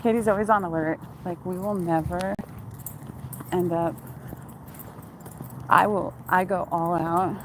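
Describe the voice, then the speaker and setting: A woman's voice: fairly low pitch, fairly even intonation, unhurried, pauses often, background noise. Chatty woman vlogging on a night walk. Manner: chatty, swears casually, laughs often. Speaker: vlogger and former TV costumer. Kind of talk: casual chat while walking dog, reading viewer questions. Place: outdoors on a town street at night.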